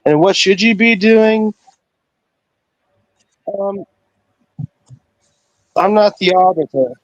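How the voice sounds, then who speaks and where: Slow hesitant guy calling in, bit high voice, muffled laggy line. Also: no echo. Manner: halting, hesitant, many restarts. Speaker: caller. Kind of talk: casual chat. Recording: dull lagging internet call.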